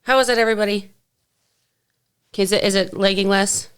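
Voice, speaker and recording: This is a woman co-hosting a podcast in relaxed, casual chat, her voice in a middle range. She talks in a breezy, rambling way, scattering filler words throughout. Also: mid-range voice, a little fast, clean tone. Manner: breezy, talkative, frequent "like" fillers.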